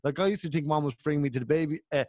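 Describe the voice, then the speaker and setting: A man's voice: fairly high pitch, rapid-fire, a little mellow, no room sound, muffled recording. A young Irish man co-hosting a casual chat show, telling stories and often breaking into laughter. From Ireland. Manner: laughing storyteller. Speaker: podcast co-host.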